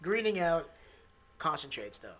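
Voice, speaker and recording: A man's voice: a little high, sing-song, normal speed, fairly bright tone. A man who is a guest on a podcast, chatting easily and explaining things plainly. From Canada. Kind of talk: casual chat.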